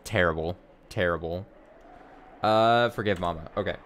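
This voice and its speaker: Low-voiced man reading a game aloud. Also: normal speed, a bit bright, slight background noise. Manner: reads narration, then breaks off to react and joke. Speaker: let's play streamer.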